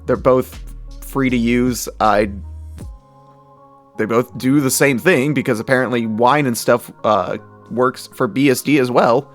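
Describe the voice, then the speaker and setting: Young dude reacting to memes, casual chatty commentary, laughs a lot, mid-pitched voice. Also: male voice, unhurried, soft background music. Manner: chatty, frequent laughs, animated asides.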